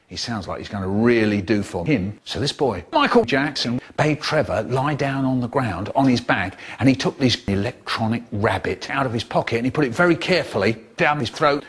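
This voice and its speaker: A man telling comic stories in an animated, exaggerated way, with sudden leaps in pitch. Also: brisk, few pauses, husky. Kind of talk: spliced comic storytelling.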